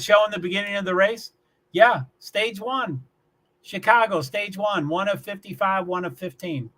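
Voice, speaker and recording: A man from Louisville, Kentucky, with a high, slightly bright voice speaks a little slowly while hosting a casual livestream from his small one-bedroom apartment. He reads chat messages aloud, rambles, repeats words, and chuckles often.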